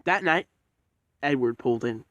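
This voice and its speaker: Profane amateur narrator, lively, dry mic. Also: male voice, medium pitch, moderate pace, no room sound, highs cut off. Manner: rambling and profane. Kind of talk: casual amateur storytelling with swearing.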